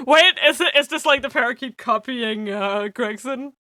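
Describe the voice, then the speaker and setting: A young woman streaming a game and reacting in casual, excitable, giggly commentary. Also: sits high, normal speed, hardly any pauses, music in the background.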